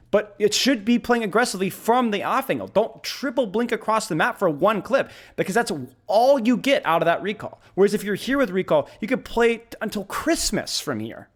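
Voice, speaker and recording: A man coaching a player live over a game replay, excitable and animated, talking in bursts with lots of repetition. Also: high-pitched. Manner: animated, excitable, talks fast in bursts with repeated phrases. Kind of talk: live-streamed gameplay coaching.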